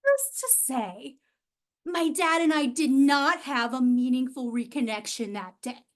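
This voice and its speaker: A woman giving a humorous storytelling speech, wry and self-mocking, with dramatic pauses and sighs. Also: high voice, lively intonation. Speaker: club speaker. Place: event hall.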